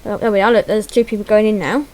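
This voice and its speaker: A woman's voice: mid-range voice, fairly even intonation, quick pace, a little mellow, low-quality recording. A woman giving chatty, self-deprecating gameplay commentary, muttering to herself as she fumbles through menus. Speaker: gaming channel host.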